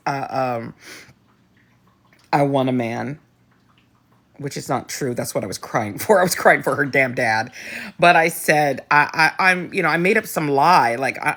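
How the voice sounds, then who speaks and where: A woman's voice: deep voice, a bit bright. A middle-aged woman hosting a casual live chat, talking candidly and bluntly with frequent restarts and the odd swear word. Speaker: host.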